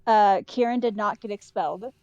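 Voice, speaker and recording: A woman's voice: mid-range voice, normal speed, mellow, no room sound, muffled recording. A woman chatting casually as a player in a tabletop game, asking lots of questions and laughing easily.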